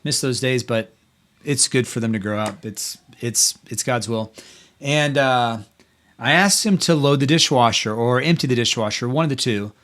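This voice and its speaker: A middle-aged man hosting a faith-based parenting talk. His pitch sits in an ordinary middle range, and he speaks in an earnest, encouraging, conversational manner. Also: moderate pace, fairly bright tone. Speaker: podcast host.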